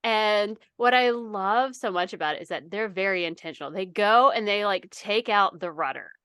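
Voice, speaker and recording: A woman's voice: medium pitch, normal speed, fairly bright tone, clear, resonant tone, no room sound, clean studio sound. A woman co-hosting a podcast in casual chat, telling stories in a teasing way and laughing often. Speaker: podcast co-host.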